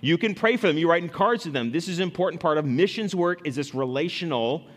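A man preaching a sermon in a church, his voice a little higher than most men's. He talks in an earnest, lively way, rephrasing and restarting as he explains. The room lends a long, trailing reverb. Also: fast. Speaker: pastor.

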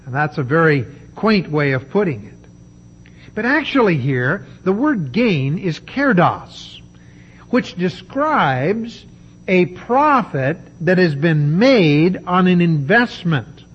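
A man preaching a sermon, emphatic and deliberate, with dramatic pauses. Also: sits high, big pitch swings, slightly rough, lo-fi sound.

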